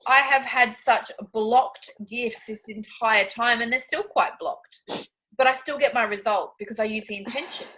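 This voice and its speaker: A woman teaching a class, guiding a meditation in a slow soothing cadence and then talking it over with students on a video call. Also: fairly high pitch, sharp tone, rough recording. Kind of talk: guided meditation and group discussion.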